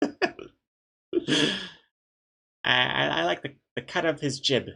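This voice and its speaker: A man's voice: a little high, extremely slow, vocal fry, pushed and bright. A man, a webcomic artist, chatting casually on a live stream, reading chat aloud with dry, joking banter and rambling restarts.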